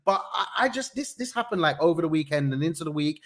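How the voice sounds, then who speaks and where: Young man hosting live news, fairly high voice, excitable and slangy. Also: fast. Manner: energetic, slangy and excitable, with sudden jumps in pitch. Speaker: host. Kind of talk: live online news show.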